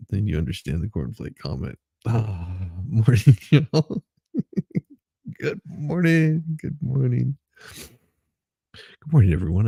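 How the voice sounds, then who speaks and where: A man's voice: on the low side, gravelly, warm tone, slightly rough, dry recording. A man hosting a casual morning livestream, laughing often and greeting chat viewers by name. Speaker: livestream host.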